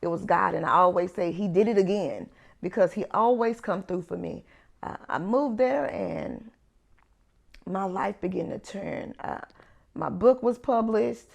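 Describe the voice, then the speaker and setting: A woman's voice: medium pitch, measured pace, vocal fry. A woman sharing a personal faith testimony in an earnest storytelling manner, acting out the dialogue she recalls. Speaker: ministry founder sharing testimony.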